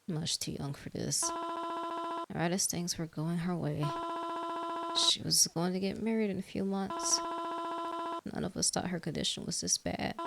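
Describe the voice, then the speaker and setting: A tearful, gentle mother mourning her daughter in a game, as a woman reads her lines. She speaks softly and slowly, in a low, gravelly voice, over a noisy recording. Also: heavily acted. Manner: soft, mournful, polite. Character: grieving middle-aged mother, gentle, tearful. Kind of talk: reading game dialogue aloud.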